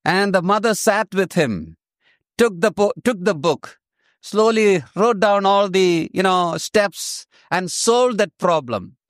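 Slow, high-voiced male preacher. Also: expressive, dry recording, clean studio sound. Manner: repeats key phrases, slow and emphatic. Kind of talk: sermon.

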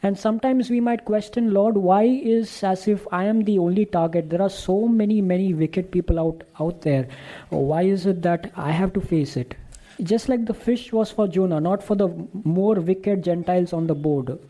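A preacher delivers a sermon in a mellow, warm voice of middling pitch. The delivery is emphatic, stacking repeated phrases and reading out scripture verses. Sentences often restart with small stumbles before pressing on. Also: normal speed, poor audio.

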